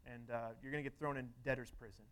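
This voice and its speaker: A man's voice: mid-range voice, steady tone, fast talker, fairly bright tone, clean tone, pitched below the performer's own voice, natural voice. A man voicing a stern male master in a parable, in a plain, matter-of-fact retelling voice. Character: stern male master settling his servants' debts.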